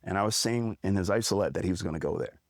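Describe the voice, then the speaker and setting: Low-voiced, measured middle-aged man. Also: no room sound, clean studio sound. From Milwaukee, United States. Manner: measured, deliberate storytelling with drawn-out words. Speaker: podcast guest. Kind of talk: casual storytelling interview.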